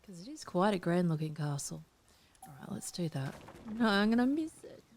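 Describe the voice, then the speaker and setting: Female gameplay host, low and gravelly, mutters and whispers as she builds. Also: very animated, moderate pace, a little mellow. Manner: drifts between murmuring and whispering to herself. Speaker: game build tutorial host. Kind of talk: casual gameplay commentary.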